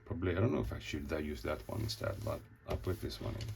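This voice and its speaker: Very deep gravelly man, rambling. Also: expressive, fast, a little hiss or hum. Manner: rambling, swears a lot, acts out scenes. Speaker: comic artist. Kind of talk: casual show-and-tell.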